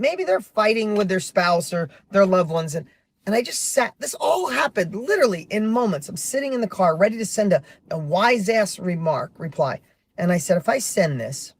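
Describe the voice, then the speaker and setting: A middle-aged man talking in an animated, storytelling way from a parked car, sometimes flaring into heated emphasis. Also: sits high, dry recording. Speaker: motivational vlogger. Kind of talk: casual motivational monologue.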